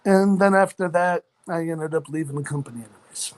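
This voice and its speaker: A man's voice: on the high side, fairly quick. A man in his forties casually telling a long personal story in a rambling, earnest, matter-of-fact way. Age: 40s. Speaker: chat room participant.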